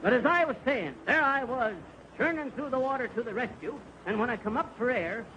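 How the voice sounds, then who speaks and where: A man's voice: extremely high pitch, expressive, fairly quick, pushed and bright, full character voice. An actor playing a boastful middle-aged man spinning a tall tale, with a folksy drawl, in 1930s radio comedy. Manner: folksy, bragging, rambling. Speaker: comic storyteller. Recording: noisy old radio broadcast.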